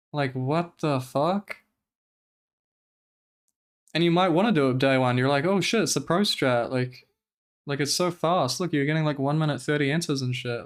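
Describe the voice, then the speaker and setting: A man's voice: on the high side, moderate pace, clean tone. A young man streaming, talking casually in a profane, rambling and exasperated way while commenting live.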